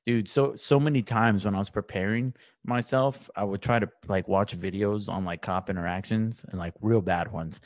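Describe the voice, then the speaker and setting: A man's voice: on the low side, steady tone, normal speed, few pauses, dry recording, studio quality. A man in a casual podcast conversation, rambling and swearing often, who grows heated as he talks. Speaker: podcast guest or co-host, police trainee.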